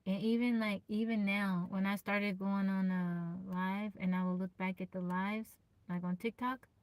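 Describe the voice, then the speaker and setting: A woman with a naturally low, soft voice chatting on a live stream. She greets viewers by name, laughs often and pushes herself to project. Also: steady tone, moderate pace, no room sound. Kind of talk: casual live-stream chat. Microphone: phone.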